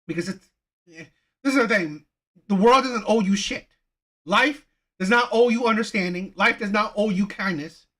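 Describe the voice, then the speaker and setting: A man's voice: high-pitched, normal speed, fairly bright tone. A man hosting a reaction channel, ranting heatedly in repetitive, swearing commentary.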